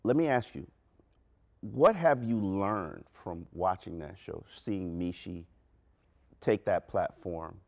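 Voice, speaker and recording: A middle-aged man with a lowish voice co-hosting a casual podcast. He talks thoughtfully, restarting his sentences as he works up to a question. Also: slow, vocal fry, a little mellow. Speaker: podcast co-host. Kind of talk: casual chat.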